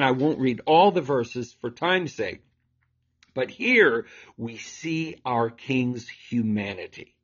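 A man's voice: mid-range voice, slightly rough, muffled recording. A man preaching and explaining scripture, emphatic and asking rhetorical questions. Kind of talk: scripture teaching.

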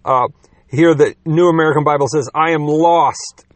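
A man's voice: on the high side, fairly even intonation, moderate pace, dry recording. A man preaching a sermon in a conversational teaching manner, with rhetorical questions and quips, growing emphatic on key points.

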